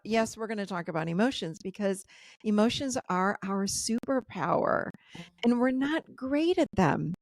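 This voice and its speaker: A woman coach talks on a video call in a lively, chatty way, laughing and acting out what her clients said. Her mid-range voice has a gravelly, fried edge. The sound is dry and close, with no room around it. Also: mid-range voice, moderate pace, no echo. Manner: animated, laughing, acts out client quotes. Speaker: guest coach and author. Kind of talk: casual interview chat.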